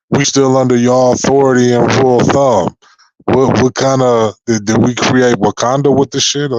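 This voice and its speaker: A young YouTuber launches into an unscripted freestyle rant on his channel, profane and confrontational, repeatedly restarting and repeating his words. His voice is medium-pitched with a darkish tone, captured in a dry, rough recording.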